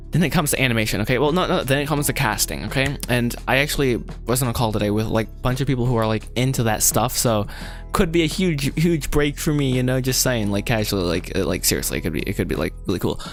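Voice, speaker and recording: A man's voice: medium pitch, fast, faint music behind. A man chatting casually on a livestream while writing a script, rambling, correcting himself and laughing often. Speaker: animation filmmaker livestreaming his script writing.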